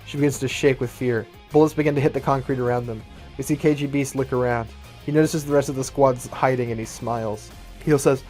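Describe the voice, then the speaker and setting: A man's voice: medium pitch, fairly even intonation, brisk, a little mellow, faint music behind. Man narrating a fan-written action script. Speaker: storyteller.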